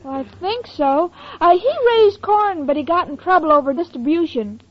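A woman's voice: very high-pitched, expressive, moderate pace. An actress playing a scatterbrained, sweet young woman in a 1940s radio comedy, speaking with a naive, literal-minded manner over a lo-fi recording. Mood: dreamy. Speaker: comic lead. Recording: lo-fi noisy old radio recording.

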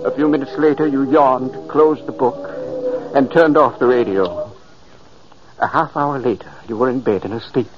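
A man's voice: mid-range voice, fairly even intonation, moderate pace, music in the background, lightly acted. An actor playing the earnest, pleading spirit of a dead older man in a 1940s radio drama. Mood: solemn. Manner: solemn, urgent narration. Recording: muffled old radio recording.

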